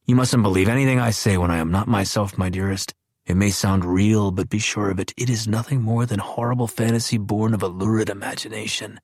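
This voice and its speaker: A frail old man near death, wry and genteel, with a sly, knowing undertone, read by a man. The voice is deep and close, with a dry, dead sound and no room around it. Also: fairly even intonation, fairly quick, darkish tone, dry recording. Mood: insistent.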